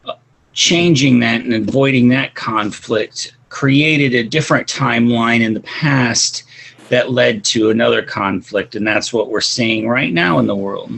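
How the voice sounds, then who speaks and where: A man in a casual podcast chat, hesitant and halting, with many fillers. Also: mid-range voice, gravelly, a bit bright, a little hiss or hum, rough recording.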